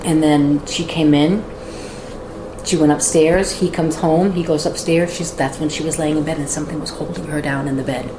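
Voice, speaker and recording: Woman house guide, animated storyteller, lower voice, echoey room with background noise. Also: normal speed. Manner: lively, acts out quoted voices. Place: inside a large old house.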